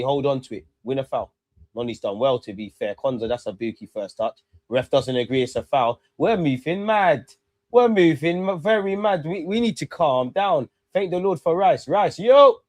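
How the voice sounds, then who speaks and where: A young man giving excitable live commentary on a match, calling out to players and the referee and swearing. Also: mid-range voice, moderate pace, dry recording. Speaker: football fan streamer.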